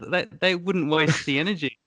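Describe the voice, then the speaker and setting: A man's voice: on the high side, normal speed, bright, forceful tone, dry recording. Joking man, dry close sound. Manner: jokey, swears, mimics accents. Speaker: podcast co-host. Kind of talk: casual banter.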